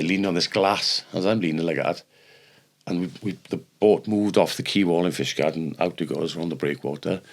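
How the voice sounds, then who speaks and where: An older Welsh man and former rugby player, telling lively stories on a podcast and acting out the people in them. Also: deep voice. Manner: animated anecdotes, acts out the people in his stories. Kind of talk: casual storytelling.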